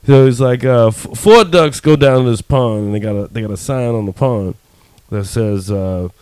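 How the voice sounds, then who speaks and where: A man's voice: mid-range voice, normal speed, a little mellow, smooth, no echo. A man co-hosting a podcast, telling a joke in a laid-back, rambling, slangy way. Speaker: podcast co-host. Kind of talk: casual chat, joke telling.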